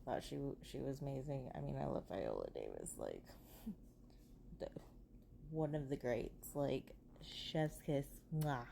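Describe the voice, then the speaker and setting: A woman's voice: a bass voice, huge pitch swings, moderate pace, creaky, few pauses, dark tone, a little hiss or hum. A woman giving a casual, rambling movie review, full of ums, restarts and self-corrections.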